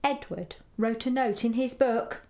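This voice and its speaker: A woman reading a children's story aloud, gentle and expressive, playfully voicing the animal sounds. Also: a little high, measured pace.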